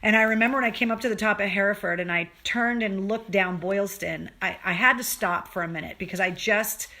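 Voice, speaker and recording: A woman talks straight to her viewers on a casual home livestream, earnest and openly emotional. Her voice is bright and forceful, and her sentences stop, restart and pick up salty language along the way. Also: medium pitch. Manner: earnest, emotional, swears freely, rambling restarts. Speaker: livestream show host.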